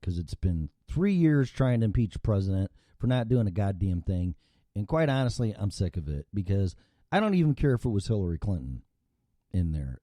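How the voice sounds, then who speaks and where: A man's voice: lowish voice, mellow, no room sound. A middle-aged American man hosting a show, ranting with profanity and heavy sarcasm. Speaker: show host. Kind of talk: solo political rant.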